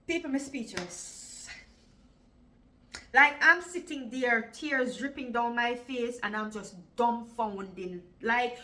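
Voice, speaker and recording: Jamaican woman in her forties, bright-toned. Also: on the high side, slow, low-quality recording. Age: 40s. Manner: emotional retelling, repeats "like" often. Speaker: vlogger. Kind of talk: storytime vlog.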